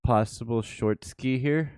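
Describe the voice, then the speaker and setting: A man's voice: medium pitch, measured pace, darkish tone, smooth, dry recording, studio quality. A man hosting a livestream, giving casual live chart commentary and thinking aloud with repeated phrases. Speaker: livestream host.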